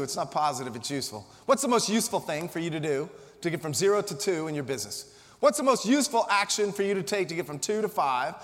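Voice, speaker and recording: An American man in his forties giving a humorous, energetic motivational keynote to a live audience, telling punchy, joking stories. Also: high-pitched. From Colorado, USA. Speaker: motivational speaker. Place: conference hall before an audience. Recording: long reverb of a conference hall.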